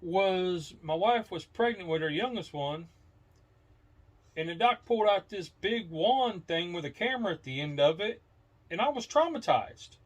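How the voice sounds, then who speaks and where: A man's voice: high voice, expressive, normal speed. Middle-aged man rambling through a story. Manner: rambling storyteller, acts out quoted dialogue. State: brain fog. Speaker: podcast co-host. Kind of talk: casual chat.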